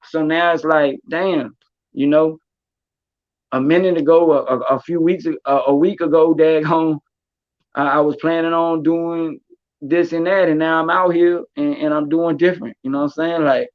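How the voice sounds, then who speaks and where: High-voiced streetwise man, lo-fi. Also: steady tone, moderate pace, no room sound. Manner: streetwise, repeats words, many fillers. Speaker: podcast host. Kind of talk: casual storytelling chat. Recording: dull lo-fi recording.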